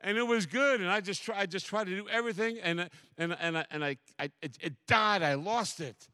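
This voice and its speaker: A man preaching as a pastor in a church, telling a story with animated, repetitive preaching cadence. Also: high-pitched, fairly quick, clean tone, dry recording, clean studio sound. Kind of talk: sermon.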